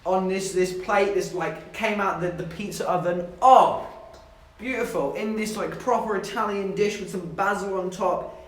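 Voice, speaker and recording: A man's voice: high-pitched, steady tone, normal speed, recorded from a distance. A young man from southern England chatting casually to his livestream chat, telling stories with giggles along the way. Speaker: streamer. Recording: echoey room, voice a bit off-mic.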